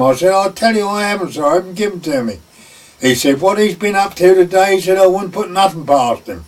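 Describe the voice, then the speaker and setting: An older man, once a gamekeeper, tells a folksy oral-history anecdote and performs the voices of the people involved. His voice is high-pitched and expressive at a moderate pace. The microphone catches him from a distance.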